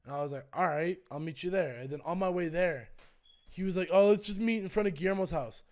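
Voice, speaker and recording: A young man streaming, retelling a personal story in a casual, animated way and acting out both sides with swearing. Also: sits high, fast talker. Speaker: streamer and co-host.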